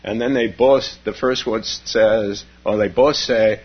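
A man's voice: fairly low pitch, steady tone, unhurried, hardly any pauses, breathy edge. A man teaching meditation on retreat, telling stories in a rambling way with frequent chuckles. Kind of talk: dharma talk on retreat. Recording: dull lo-fi recording.

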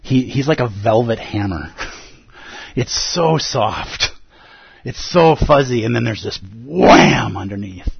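Animated, emphatic man giving a dharma talk. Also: medium pitch, takes it slowly, gravelly, husky, no room sound, highs cut off. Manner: animated, emphatic, acts out inner voices. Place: Zen center meditation hall.

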